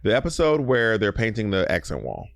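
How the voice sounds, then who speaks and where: A man co-hosting a podcast in casual chat, quick and chatty, often correcting himself mid-sentence. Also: lowish voice, huge pitch swings, no echo, studio quality. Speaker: podcast co-host.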